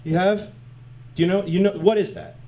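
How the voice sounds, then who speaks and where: A man doing stand-up comedy on a club stage, animated and crude, chatting with the crowd. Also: high-pitched, normal speed.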